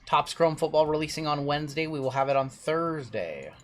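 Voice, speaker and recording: A man's voice: on the high side, expressive, brisk, soft background music. A man hosting a live card-break stream in a casual, chatty way. He rattles off long lists of names and teams and answers chat as he goes.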